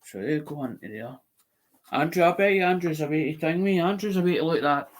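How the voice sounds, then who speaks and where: A man's voice: a little high, a little fast, slight background noise. A man with a Scottish accent, chatting casually and rambling as the host of an online auction channel, restarting and repeating himself.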